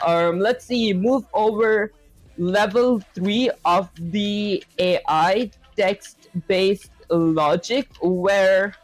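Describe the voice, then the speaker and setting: A man's voice: high-pitched, no room sound, low-quality recording. A man hosting a live coding stream, chatting casually and rambling with lots of fillers. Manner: rambling, loose, full of fillers.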